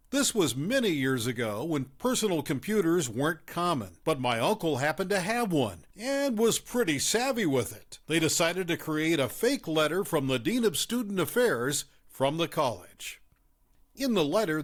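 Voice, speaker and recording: A man reads stories aloud with an expressive, storytelling manner. His voice sits a little higher than most men's. His pitch rises and falls in a lively, animated way. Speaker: story narrator.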